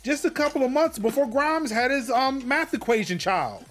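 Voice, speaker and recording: A man hosting a casual tech podcast, talking in an animated, indignant way and often restarting his sentences. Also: very high-pitched, normal speed, faint music behind. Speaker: podcast host. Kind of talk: casual chat.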